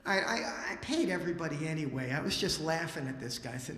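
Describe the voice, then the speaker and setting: A man spinning a live story for an audience, animated and chatty, with a bright, forceful voice. It rings through a roomy hall with a long tail of reverb. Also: on the high side, quick pace, few pauses. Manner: lively, acts out dialogue, casual asides. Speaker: musician and storyteller on stage. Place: library event hall.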